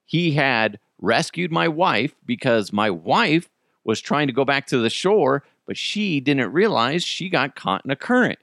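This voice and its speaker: Animated man telling a story. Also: medium pitch, unhurried, no echo, studio quality. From United States. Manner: animated, swears freely, laughs while telling. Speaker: podcast host. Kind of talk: casual storytelling.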